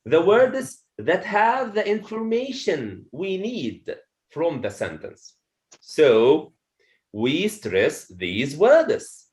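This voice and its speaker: A man teaches pronunciation to a class, with a fairly high voice that swings widely in pitch. He speaks slowly and deliberately, repeats his points and keeps asking the room "okay?". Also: sing-song, a little mellow. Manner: slow, repeats each point, checks with "okay?". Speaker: English teacher. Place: classroom with students.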